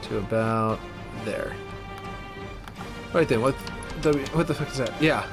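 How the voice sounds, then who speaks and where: A man's voice: medium pitch, a little slow, gravelly, over music. Man thinking aloud while building. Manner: chatty, thinking aloud, puzzled muttering. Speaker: map builder streaming his work. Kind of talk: casual talk while working on a game map.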